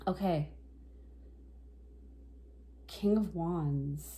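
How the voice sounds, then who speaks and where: A woman giving a casual tarot reading to camera, soft-spoken and reflective, a little teary and sniffling. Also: lowish voice, extremely slow. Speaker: tarot reader.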